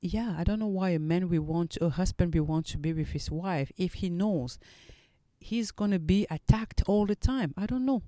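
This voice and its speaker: Woman podcast host, earnest and reflective, smooth voice, dry close sound. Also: on the low side, dark tone, dry recording. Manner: earnest and reflective, with halting restarts. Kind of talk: solo podcast talk.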